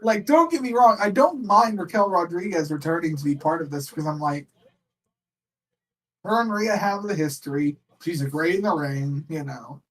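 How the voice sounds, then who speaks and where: Man, high voice, opinionated co-host, heard from a bit away from the mic. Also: moderate pace. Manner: opinionated, animated, laughs often. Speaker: co-host on a wrestling watch-along stream. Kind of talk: casual livestream chat. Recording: voice sits distant from the mic.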